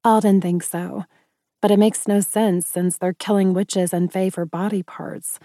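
A woman reading a guarded young witch in an audiobook, measured and explaining. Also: mid-range voice, fairly even intonation, dark tone, no echo, clean studio sound, natural voice.

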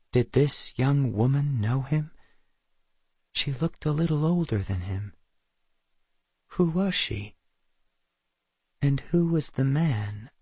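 A man narrating an audiobook in a measured, even storytelling manner. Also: medium pitch, husky, no room sound. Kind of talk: scripted narration.

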